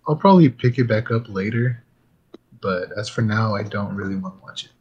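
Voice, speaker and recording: A man hosting a podcast in casual chat, hoarse from losing his voice, talking in a laid-back, rambling way. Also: lowish voice, expressive, fairly quick, darkish tone, muffled recording. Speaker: podcast host.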